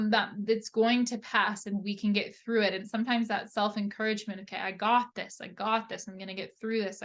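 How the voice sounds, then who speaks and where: A woman, an occupational therapist, presenting a lesson in a relaxed, conversational way that often checks in with the listener. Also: on the high side. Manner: relaxed, conversational, many tag questions.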